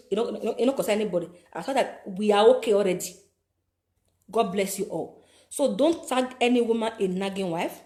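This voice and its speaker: A woman's voice: mid-range voice, a little mellow. A woman with a Nigerian accent giving preachy life advice, repeating phrases for emphasis. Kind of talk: motivational talk to camera.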